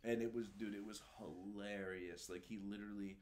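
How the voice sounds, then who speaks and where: A man telling stories from his time as a recruiter in a relaxed, animated way, peppered with slang and swearing. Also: lowish voice, moderate pace. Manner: animated, swears freely, says "dude" and "bro" often. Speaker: guest, former Marine recruiter. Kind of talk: casual storytelling.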